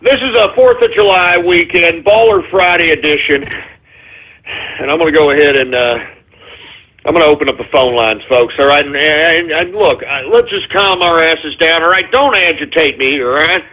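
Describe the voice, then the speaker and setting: A man's voice: a little high, normal speed. Male call-in radio host, short of breath and worked up, thin lo-fi audio. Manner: agitated, swearing, out of breath. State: winded. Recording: phone-like narrow audio.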